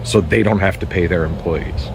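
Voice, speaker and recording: A man's voice: deep voice, moderate pace, a little hiss or hum, low-quality recording. A man delivering a firm, argumentative opinion monologue.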